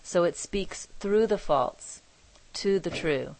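A woman leading an online spiritual group, who talks in a measured, thoughtful way and pauses to search for her words. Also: fairly low pitch, darkish tone, no room sound, low-quality recording. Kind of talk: reflective spiritual teaching.

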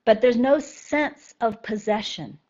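A woman's voice: on the high side, slow, a little mellow, highs cut off. A woman spiritual teacher talking conversationally to a group of students and often checking in with "right?".

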